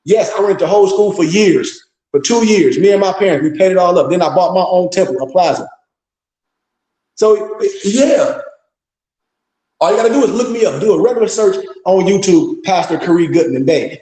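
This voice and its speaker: In a relaxed livestream, a man who is a pastor and teacher tells stories with animated bravado, acting out other people's voices. He has a high-pitched voice for a man, and echo fills the space around him.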